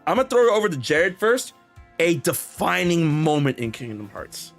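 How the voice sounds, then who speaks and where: A young man with a fairly high voice tells a long story on a casual podcast. He rambles with many restarts and plays out every line of quoted dialogue. Faint music sits under his voice. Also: very animated, moderate pace, gravelly. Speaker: podcast host.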